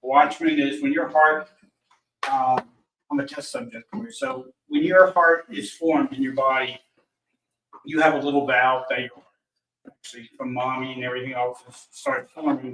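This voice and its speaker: A man's voice: medium pitch, normal speed, fairly bright tone, a little hiss or hum. A man, a guest, telling a personal story in casual conversation and retelling past conversations line by line. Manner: retells dialogue with lots of "he goes". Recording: roomy, distant mic.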